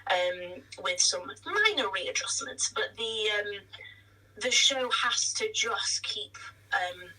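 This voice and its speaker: A woman, a musical theatre actress, chatting in an interview with quick self-deprecating asides. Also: mid-range voice, expressive, bright, forceful tone, far from the mic, poor audio. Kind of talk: casual interview chat.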